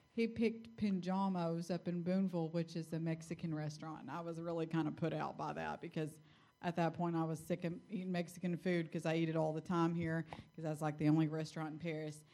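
A woman sharing a personal testimony in church. She tells it in a chatty, quick way, her voice sitting slightly low for a woman. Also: dark tone. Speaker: church member telling a story.

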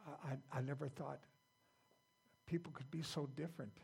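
A man's voice: fairly high pitch, steady tone, moderate pace, creaky, a little mellow, husky. An older man preaching an informal sermon as the founder of his church, plain-spoken and folksy, often repeating himself.

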